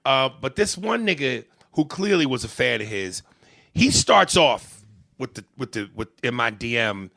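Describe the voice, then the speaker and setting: A man who works as a comedian, co-hosting a podcast and telling profane, animated, joking stories in a casual rant. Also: mid-range voice, normal speed, gravelly, no echo, studio quality.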